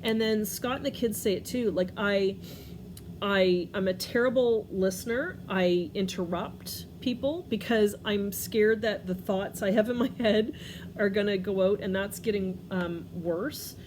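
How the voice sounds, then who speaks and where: A middle-aged woman in a casual talking-to-camera life update from home, rambling and scattered, tearful and emotional, laughing through tears. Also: unhurried. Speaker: vlogger. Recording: clear background noise, furnace rumble.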